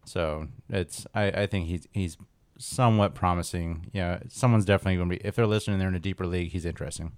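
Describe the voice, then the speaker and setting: Deep-voiced man in loose podcast chat. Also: fairly even intonation, fast, a little mellow, no echo. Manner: loose and rambling, full of fillers and restarts. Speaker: fantasy football podcast co-host.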